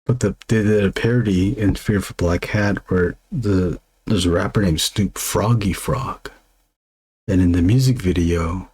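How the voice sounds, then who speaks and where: Here the streaming illustrator talks in a low-pitched, darkish voice with a breathy edge. The chat is casual and wandering, with plenty of fillers and restarts while he draws.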